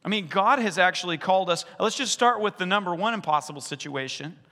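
A man preaching in a church sanctuary, his voice bright and sitting a little above the usual range for a man. He is animated and acts out the voices in his retellings. A long reverb from the large hall trails after his words. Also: high-pitched, quick pace. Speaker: pastor. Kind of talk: sermon.

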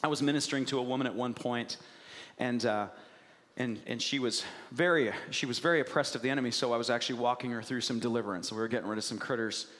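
A man's voice: medium pitch, fairly even intonation, quick pace, fairly bright tone. A man preaching a sermon, asking the congregation questions and telling stories with animation. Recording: long reverb of a large hall.

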